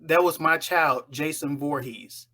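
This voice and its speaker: A woman voicing a calm, grieving older mother in a casual spoken retelling of a horror film, talking in a low, hushed, unbothered way. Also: unhurried, full character voice. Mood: mournful.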